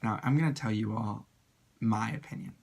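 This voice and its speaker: A drag performer giving a casual video review, animated and gushing, full of slang and sudden high excited exclamations. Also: normal speed, gravelly, husky.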